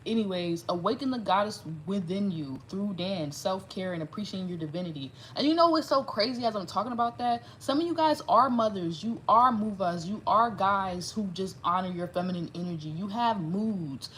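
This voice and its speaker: Female tarot reader, mid pitch, loose and profane delivery, faint noise behind. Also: normal speed, few pauses, rough recording. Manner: animated, profane, rambling. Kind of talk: casual tarot reading monologue.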